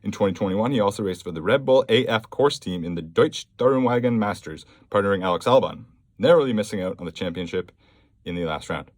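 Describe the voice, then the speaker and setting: Male podcast host, lowish voice, casual and blunt. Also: expressive, fast talker, no echo. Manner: blunt, offhand, reads news aloud with fillers. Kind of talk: casual solo podcast commentary.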